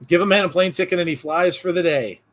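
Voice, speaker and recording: This podcast co-host is a man whose high, slightly bright voice moves at a quick pace. In a relaxed wrestling-show conversation, he reads out jokes sent by viewers, laughing frequently as he rambles and leans on filler words.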